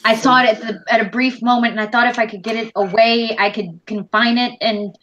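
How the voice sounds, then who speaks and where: A woman playing a tabletop game with a bright, sharp voice pitched a little high. She talks casually and in halting bursts. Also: fairly even intonation, lo-fi sound. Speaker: player.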